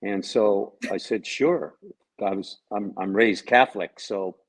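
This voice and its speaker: A man's voice: fairly low pitch, a little slow, poor audio. A man being interviewed about his acting role on a video call. He talks in a joking way and tells stories that quote other people's lines. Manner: jokey, tells anecdotes with quoted dialogue. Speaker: actor and guest. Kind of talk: casual interview chat, storytelling.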